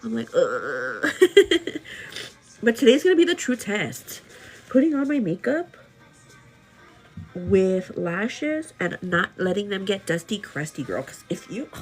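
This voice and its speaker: A woman's voice: mid-range voice, sing-song, a little slow, faint music behind. A woman vlogger chatting casually to her viewers during a live get-ready show. She laughs often, leans on "like", and calls the viewer "girl". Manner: laughs often while talking; speaks earnestly about faith and gratitude. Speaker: beauty and lifestyle vlogger.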